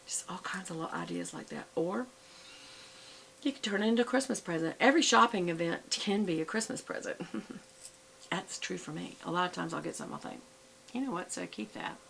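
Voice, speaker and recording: Gravelly-voiced woman vlogger. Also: on the low side, expressive, a little fast, a bit bright, slight background noise, rough recording. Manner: chatty, rambling, with many fillers and self-corrections. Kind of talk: casual show-and-tell chat.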